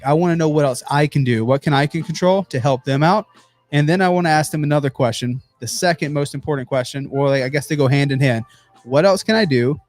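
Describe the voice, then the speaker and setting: Energetic man coaching with music behind. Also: a little high. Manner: energetic, conversational, many fillers and restarts. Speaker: business coach. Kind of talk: casual motivational talk.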